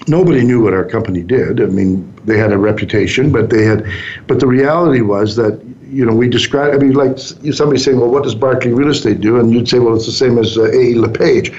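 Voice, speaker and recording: A man's voice: mid-range voice, fast, a little mellow. Man in his sixties telling business stories. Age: 60s. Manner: anecdotal, easygoing, acts out quoted lines. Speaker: business owner guest. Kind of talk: storytelling interview answers. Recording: dull muffled sound.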